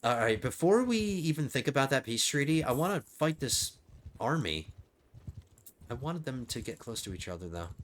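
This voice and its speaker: A gaming channel host with a strained, sing-song voice of medium pitch talks at a moderate pace. He thinks out loud through his moves in a strategy game, giving casual let's-play commentary.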